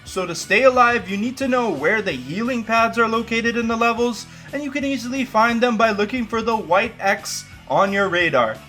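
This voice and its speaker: Young male host, high-ish voice, wry scripted guide narration. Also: normal speed, few pauses, sharp tone. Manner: wry, self-deprecating asides. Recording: voice-over over faint music.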